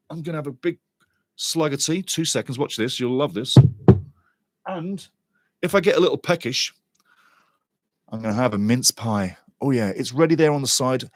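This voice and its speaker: An older man from Wales hosting a football watchalong stream, chatting casually, joking and reading out viewer comments, now and then breaking into excited shouting. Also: medium pitch, dry recording, studio quality. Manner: excitable, jokey, bursts into shouting.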